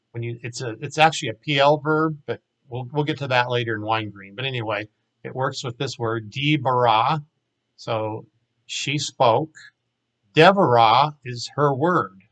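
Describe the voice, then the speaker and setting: A man with an ordinary mid-range voice teaches a recorded language lesson. He talks in a relaxed, plain way and slows down to say each example word twice. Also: medium pitch, poor audio. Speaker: Hebrew teacher.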